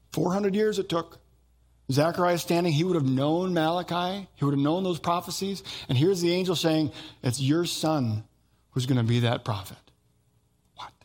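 A middle-aged male pastor preaching a sermon with animated storytelling, acting out the voices of people in his stories. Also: a little high.

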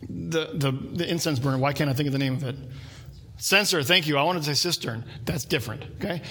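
A man's voice: on the high side, a bit bright. A pastor giving a conversational sermon with asides to his listeners.

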